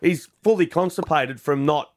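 An Australian man in his thirties with a slightly high voice tells a long, self-mocking story on air. He talks in a loose, chatty way and laughs at his own blunders. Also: moderate pace. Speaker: radio host. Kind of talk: casual chat.

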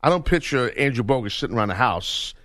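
Lively joking male radio host. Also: mid-range voice, quick pace, no room sound, clean studio sound. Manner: joking, boastful, playful. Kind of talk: casual sports radio banter. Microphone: studio microphone.

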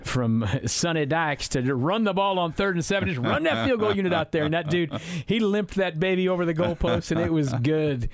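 A man hosting a sports talk radio show in the studio, chatty and rambling with quick asides. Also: a little high, lively intonation, no echo. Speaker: fill-in sports radio host. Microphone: studio microphone.

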